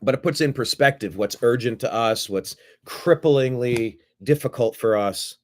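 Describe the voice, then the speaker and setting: A man's voice: mid-range voice, normal speed, a little hiss or hum. A middle-aged man hosting a show, casually rambling as he retells a phone call and acts out both sides of it. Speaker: show host. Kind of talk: casual livestream monologue.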